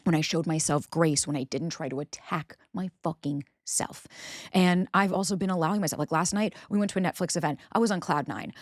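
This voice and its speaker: A woman in her thirties hosts a solo podcast in a candid, chatty way, cursing freely and playing out her own self-talk. Her voice sits a little low for a woman. The sound is dry and close, with no room around it. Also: no room sound. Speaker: podcast host. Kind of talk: casual solo podcast monologue.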